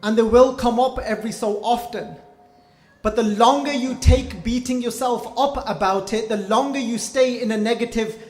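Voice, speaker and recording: A man teaching a Sikh class, telling stories and acting out the quoted lines in an animated way. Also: very high-pitched, normal speed, echoey room. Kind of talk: storytelling sermon. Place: hall.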